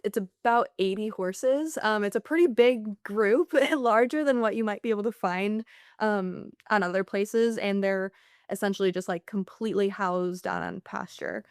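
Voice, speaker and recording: A woman in her twenties, a graduate researcher, explaining her study in a relaxed, chatty way as a podcast guest. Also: mid-range voice, normal speed, clear, resonant tone, no echo, clean studio sound. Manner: relaxed, chatty with fillers like 'like'. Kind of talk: casual interview explanation.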